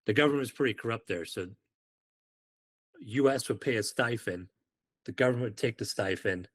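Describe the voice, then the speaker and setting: A man's voice: mid-range voice, moderate pace. A man from the United Kingdom, a former Marine on a podcast, telling stories casually and acting out the dialogue. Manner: animated, acts out quoted dialogue. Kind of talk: casual storytelling.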